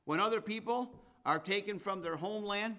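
A man preaching a sermon, reading scripture and swinging between loud declarations and quiet asides. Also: high voice, brisk. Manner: emphatic, rising to loud declarations and dropping to asides.

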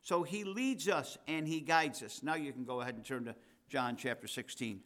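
A man's voice: medium pitch, moderate pace, a bit bright. A man, the pastor, preaching a sermon in a conversational way and reading scripture with rising emphasis.

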